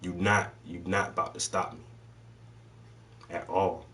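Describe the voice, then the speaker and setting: A man with a lowish voice talks loosely in a casual chat, swearing freely and slipping into slang. He sounds a little distant from the microphone. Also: flat delivery, a little slow, fairly bright tone. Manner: loose, swearing storyteller voicing people in his stories. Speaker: host.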